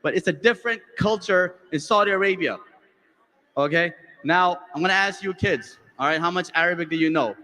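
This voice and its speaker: High-voiced man emceeing in a big hall. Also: a little fast. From United States. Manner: animated storyteller, acting out dialogue with lowered voices. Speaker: emcee host. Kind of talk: stand-up anecdote on stage. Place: large convention hall stage.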